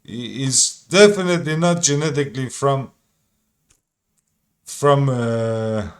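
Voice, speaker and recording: A man's voice: medium pitch, slow. A man giving casual reaction commentary in an insistent, repetitive way, sometimes swearing. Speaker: reaction streamer.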